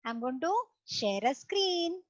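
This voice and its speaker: A high-pitched woman teaches little children over a video call, slow and patient as she walks them through each step. Her voice sits close and dry, and the online audio is dull and lo-fi. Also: animated, dry recording.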